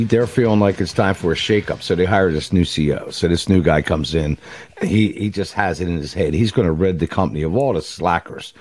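Male talk radio co-host, low voice, dry studio sound, chatty storyteller. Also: no room sound. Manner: chatty storyteller, animated when telling a joke.

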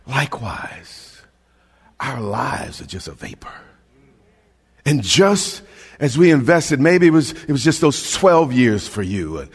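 A male pastor preaching a sermon with passion, repeating words as he builds and sometimes shouting. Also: medium pitch, sing-song, slow, husky. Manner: impassioned preaching with stammered restarts, rising to shouts. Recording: long hall reverb.

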